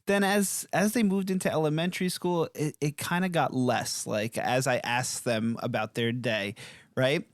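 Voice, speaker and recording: A man's voice: mid-range voice, fairly even intonation, moderate pace, no echo, clean studio sound. A man co-hosting a parenting podcast, talking in a rambling, earnest way and laughing easily. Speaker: podcast co-host. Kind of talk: casual podcast chat.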